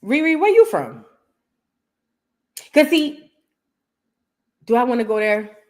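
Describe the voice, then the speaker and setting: A fiery American woman is doing commentary on a reaction show and calling out a commenter. Her voice sits a little high. She talks in a combative way and keeps circling back to repeat her lines. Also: sing-song, slow, darkish tone. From United States. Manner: confrontational, repeats lines for emphasis. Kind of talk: heated commentary on viewer comments.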